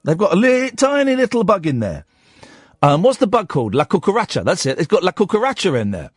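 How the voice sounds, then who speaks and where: A man hosts a late-night radio phone-in in a high, animated voice that swoops up and down. He jokes and rambles playfully with a caller. The studio sound is dry, with faint music underneath. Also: fast talker, breathy edge, dry recording. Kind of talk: late-night call-in chat. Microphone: studio microphone.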